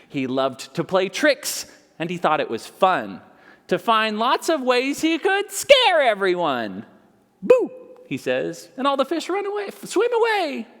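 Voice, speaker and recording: Man, children's story time reader, playful, asks questions, high voice, very lively, long reverb in a big library room. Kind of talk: reading a picture book aloud to children.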